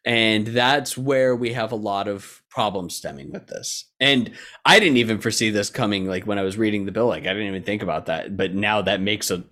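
A man's voice: lowish voice, fairly quick, sharp tone. A young man from Texas co-hosting a podcast in casual, rambling chat full of fillers and restarts. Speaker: podcast co-host.

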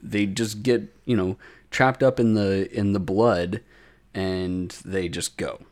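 A man's voice: fairly low pitch, steady tone, slow pace, darkish tone. A young man, a podcast co-host, recaps an episode in casual chat, rambling with many fillers and restarts.

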